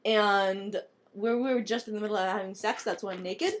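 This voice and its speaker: A woman voicing a flustered woman author in a hurried, exasperated tone. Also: medium pitch, fairly even intonation, pitched below the performer's own voice, lightly acted.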